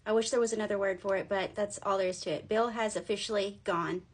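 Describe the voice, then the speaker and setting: A woman's voice: medium pitch, steady tone, fast talker, slightly rough. A young woman telling a ghost story in a casual, sarcastic and profane way, acting out what the people in it say. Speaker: paranormal storyteller.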